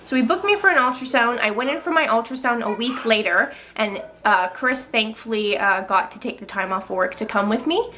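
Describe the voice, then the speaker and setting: A woman's voice: on the high side, fairly quick, few pauses, bright, forceful tone, a little hiss or hum. Chatty young woman telling a story. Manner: chatty, with many fillers like "like". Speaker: vlogger. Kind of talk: casual storytime.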